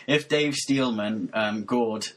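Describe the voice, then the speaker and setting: A man's voice: fairly low pitch, slow pace, a bit bright. A man hosting a casual podcast chat, rambling and hesitant, often breaking into laughter. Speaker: podcast host.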